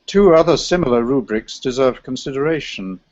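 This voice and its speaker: Man, gravelly voice, scholarly lecture, digressive, dry lo-fi recording. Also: mid-range voice, lively intonation, normal speed, darkish tone, no room sound. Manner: scholarly, digressive, sings chant examples. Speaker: lecturer on medieval chant. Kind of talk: academic paper presentation.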